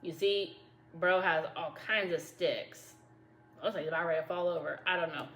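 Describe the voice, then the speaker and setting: A woman's voice: on the low side, normal speed, fairly bright tone, faint music behind. A woman doing a casual tarot reading, chatty and slangy, talking to her viewers as y'all and laughing easily. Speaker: tarot reader. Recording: echoey room with faint background noise.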